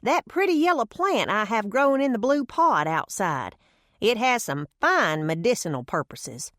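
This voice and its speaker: A woman's voice: on the high side, very animated, normal speed, a bit bright, no room sound, pitched above the performer's own voice. A woman voicing a folksy old grandmother who swears by herbal remedies, with homespun phrasing, in a dry close recording. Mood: insistent.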